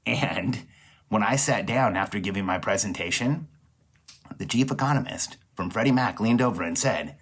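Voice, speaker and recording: A man's voice: lowish voice, moderate pace, fairly bright tone. Emphatic man delivering a podcast monologue. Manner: emphatic, repetitive rallying; self-correcting restarts. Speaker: podcast host, business coach.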